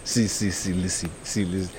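A man's voice: sits low, fairly even intonation, normal speed, background noise, natural voice. An actor playing an eager man wooing a woman, coaxing and stammering, with Nigerian Pidgin in his speech.

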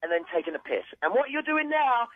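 A man's voice: extremely high pitch, very animated, brisk, no echo. An irritated British man heard over a tinny phone line, his voice swinging widely up and down as he loses patience. He swears and cuts in, pushing to get his way. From Britain. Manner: exasperated, swearing, impatient. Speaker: prank call target. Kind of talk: phone conversation.

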